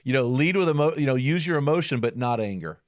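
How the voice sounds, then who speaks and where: A man's voice: medium pitch, expressive, fast, no echo, studio quality. A man hosting a podcast conversation, affirming his guest and reflecting on his own life. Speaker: podcast host.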